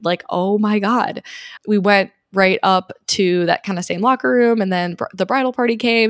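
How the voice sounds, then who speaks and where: A young woman in her twenties vlogging, telling a story in a chatty, excited way with lots of fillers. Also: mid-range voice, normal speed, no room sound, studio quality. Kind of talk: casual storytelling.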